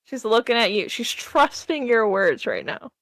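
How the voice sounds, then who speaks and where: A woman's voice: fairly high pitch, lively intonation, moderate pace, creaky, fairly bright tone, dry recording. A woman running a tabletop game as game master, narrating in a casual, matter-of-fact way.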